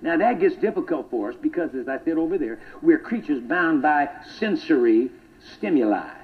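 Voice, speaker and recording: A man with a fairly high voice preaches a sermon, repeating phrases in a steady rhythm. He drops to hushed whispers, then builds to loud, emphatic lines. The sound is tinny and thin, as if heard over a phone line. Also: moderate pace.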